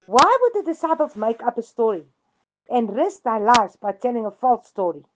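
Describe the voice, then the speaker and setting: A woman's voice: on the high side, very animated, normal speed, muffled recording, background noise. A woman giving a devotional radio reading, telling a story earnestly with emphatic repetition.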